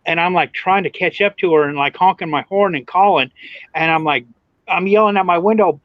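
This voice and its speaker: Podcast guy w a really high voice, animated, cusses a lot, dead dry lo-fi mic. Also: fairly quick, no echo. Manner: animated, swears freely. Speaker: podcast co-host. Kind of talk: casual storytelling.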